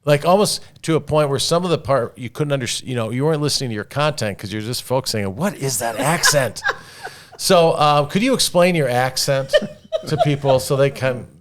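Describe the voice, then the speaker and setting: A man's voice: medium pitch, expressive, brisk. A man in his fifties hosting a podcast interview in an upbeat, enthusiastic, chatty way. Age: 50s. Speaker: podcast host. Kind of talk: casual interview chat.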